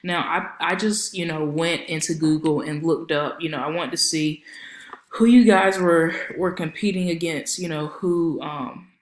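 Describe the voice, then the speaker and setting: A woman's voice: sits low, fairly even intonation, normal speed, reverberant, a little hiss or hum. A woman consultant giving a casual screen-share walkthrough of a website, chatty and friendly with lots of filler ums. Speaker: marketing consultant.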